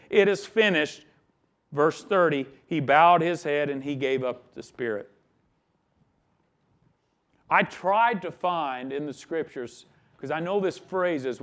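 A man's voice: fairly high pitch, slow pace, fairly bright tone. A man preaching a sermon, emphatic, with his voice rising and dropping in volume. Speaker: pastor.

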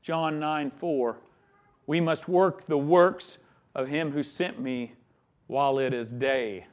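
A man's voice: on the high side, fairly even intonation, slow. A man preaching a sermon, emphatic, with his voice rising and dropping in volume. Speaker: pastor.

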